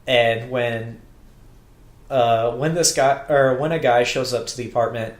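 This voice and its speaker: A man's voice: medium pitch, fairly even intonation, unhurried. Rambling man in an echoey room. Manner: rambling, restarts often, acts out quotes. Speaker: podcast co-host. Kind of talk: casual recap chat.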